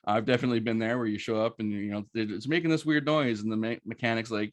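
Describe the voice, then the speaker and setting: Presenter, male, middle-aged, lowish voice, relaxed chatty delivery, dry close sound. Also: fast talker, no room sound. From Canada. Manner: chatty, anecdotal, many ums and rights. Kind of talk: casual presentation talk.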